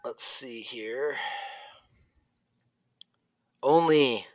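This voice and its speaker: A man's voice: medium pitch, extremely slow, dry recording. A man co-hosting a casual podcast, telling stories with lots of laughter and acting out both sides of each conversation. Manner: animated storyteller who acts out both sides of conversations; laughs often while talking. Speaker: podcast co-host. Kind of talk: casual chat, race recap.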